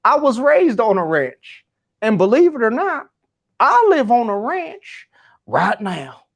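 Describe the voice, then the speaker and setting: A drawling East Texas cowboy. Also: male voice, extremely high pitch, huge pitch swings, slow, pitched above the performer's own voice, full character voice. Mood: folksy. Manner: folksy, emphatic drawl. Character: drawling male Texan rancher, blunt and folksy.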